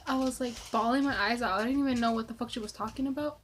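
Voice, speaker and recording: Chatty young woman vlogger, slightly high. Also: steady tone, fast talker, a little hiss or hum. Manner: chatty, rambling, lots of "like"; swears casually. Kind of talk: casual Q&A storytelling.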